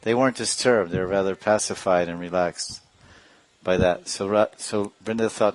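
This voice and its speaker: A man with a lowish voice teaches a devotional class, spinning a story with playful sound effects and laughs. The recording is close and dry, with no room around him. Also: normal speed, dry recording. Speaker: spiritual teacher.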